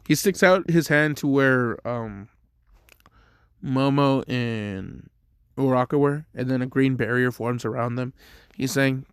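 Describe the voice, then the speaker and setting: A man's voice: mid-range voice, a little slow, clean tone, dry recording, clean studio sound. Laid-back young man rambling a story. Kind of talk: casual fan-fiction storytelling.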